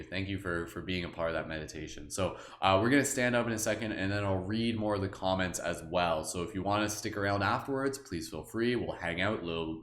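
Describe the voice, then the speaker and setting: A man gently leading a guided meditation, then chatting casually with his live stream viewers. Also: sits low, echoey room. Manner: slow, soft guiding voice, relaxed filler-heavy chat afterward.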